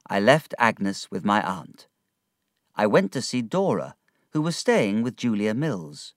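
A man reading a story aloud in a measured, expressive narration. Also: fairly low pitch, no echo, clean studio sound.

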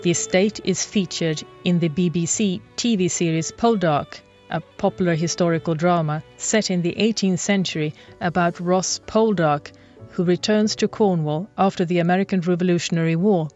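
A woman reporter delivering scripted documentary narration in a measured, clear way. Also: lowish voice, a little mellow. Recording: dry, slightly dull, faint music.

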